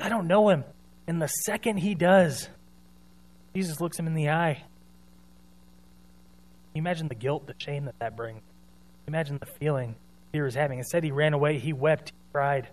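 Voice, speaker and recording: Man, preacher, earnest conversational sermon, slightly high voice. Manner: conversational, earnest, retells scripture in his own words.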